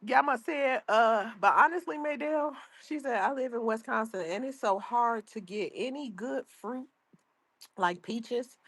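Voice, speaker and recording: An older woman, a grandmother, livestreams casually from outdoors at her home, chatting and reading her chat messages out loud. Her voice is medium-pitched and husky, with no room sound.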